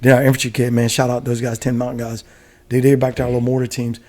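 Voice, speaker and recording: Fast-talking man telling war stories. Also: medium pitch. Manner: animated, profane storytelling with frequent laughs. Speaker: guest, retired Army special forces soldier. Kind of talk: war stories in casual podcast chat.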